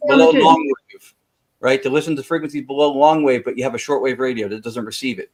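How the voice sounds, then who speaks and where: A man's voice: medium pitch, fairly even intonation, quick pace, darkish tone. Man explaining technical ideas at length. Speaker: podcast guest. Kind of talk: casual chat.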